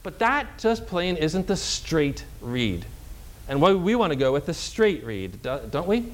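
A man preaching a sermon as a Lutheran pastor, reading verses slowly and asking the congregation questions that he answers himself. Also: fairly high pitch, big pitch swings. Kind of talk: sermon teaching from scripture.

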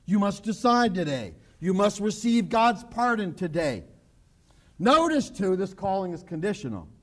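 A man preaching a sermon in a high voice. He talks emphatically and keeps repeating himself, and now and then he drops low and quiet for an aside. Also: big pitch swings, normal speed. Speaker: pastor. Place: church broadcast on radio and online.

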